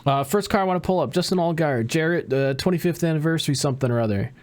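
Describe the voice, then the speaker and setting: A man co-hosting a podcast in casual chat, ranting and swearing with lively energy. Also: on the high side, fast talker. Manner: ranting, profane, animated. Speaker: podcast co-host.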